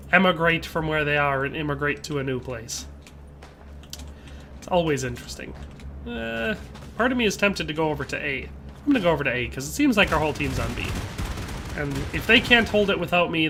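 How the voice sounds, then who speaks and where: A game streamer talks with his viewers in a relaxed, rambling way and answers their chat messages as he plays. His voice sits a little high for a man and has a bright, forceful edge. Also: a little fast, a little hiss or hum. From Wisconsin, USA. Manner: chatty, reads viewer chat aloud and answers it. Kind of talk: casual live-stream chat while gaming.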